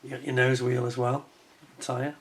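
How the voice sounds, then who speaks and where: A man's voice: medium pitch, little pitch movement, moderate pace, a little hiss or hum. A man giving a casual hands-on review of a scale model kit, chatty and admiring, with wry self-mocking asides.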